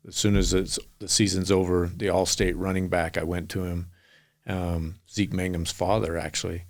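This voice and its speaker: Low gravelly man telling stories. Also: little pitch movement, normal speed. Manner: earnest, rambling anecdotes with acted quotes. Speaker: guest. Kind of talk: storytelling in a podcast interview.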